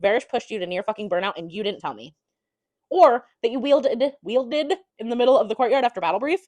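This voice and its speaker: A woman's voice: fairly high pitch, lively intonation, brisk, darkish tone, no room sound, muffled recording. Woman voicing a scolding young warrior man. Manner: scolding, frank. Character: blunt, protective young male warrior.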